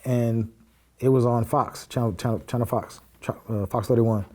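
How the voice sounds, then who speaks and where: Mellow-voiced man telling a personal story. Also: medium pitch, fairly even intonation, moderate pace. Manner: acts out quoted dialogue while recounting events; plain-spoken, with frequent fillers and curse words. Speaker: podcast guest.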